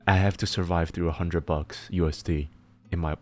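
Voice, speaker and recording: Casual chatting streamer, very deep male voice, rambly and laughing, faint music behind. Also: steady tone, moderate pace, darkish tone. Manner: rambling, laughs often, restarts words. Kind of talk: casual chat while working.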